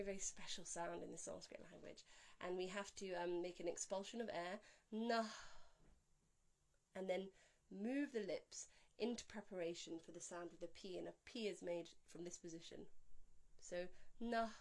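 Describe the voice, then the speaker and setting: Calm woman teaching mantra pronunciation. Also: fairly low pitch. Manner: calm, explanatory, slowing to a drawn-out chant on each Sanskrit word. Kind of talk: spoken pronunciation lesson with chanted examples.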